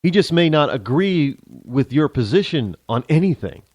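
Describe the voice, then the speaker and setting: Man, talk show host, sarcastic monologue, high and lively pitch, dry recording. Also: moderate pace, dry recording. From United States. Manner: ranting, sarcastic. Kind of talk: opinionated monologue.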